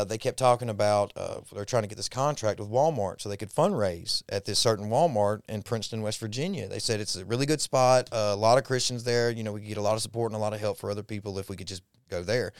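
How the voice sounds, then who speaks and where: Gravelly man telling his testimony. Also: lowish voice, dry recording, studio quality. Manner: folksy Southern-style storytelling, repeats himself when moved. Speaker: podcast guest. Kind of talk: personal testimony storytelling.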